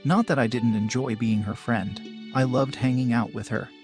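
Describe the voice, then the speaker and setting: A man reading submitted relationship stories aloud as scripted first-person narration, with sudden rises in pitch and force. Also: fairly even intonation, normal speed, darkish tone, soft background music.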